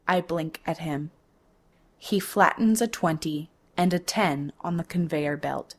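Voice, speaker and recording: A young woman telling a first-person story, her voice low and her delivery slow and deliberate. Each detail is placed carefully, with a measured calm. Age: young adult. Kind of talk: first-person narrated monologue.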